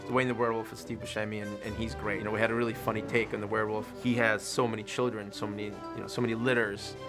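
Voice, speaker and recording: A man's voice: lowish voice, level tone, quick pace. A male director talking enthusiastically about his voice cast in a behind-the-scenes interview. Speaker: film director. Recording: interview under music.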